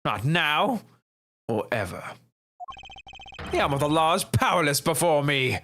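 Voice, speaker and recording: A man voicing a scheming older male ambassador villain in a game, gloating and pompous with soft chuckles. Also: fairly high pitch, sing-song, a little slow, a little hiss or hum, heavily acted. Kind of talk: fan voice acting of a game.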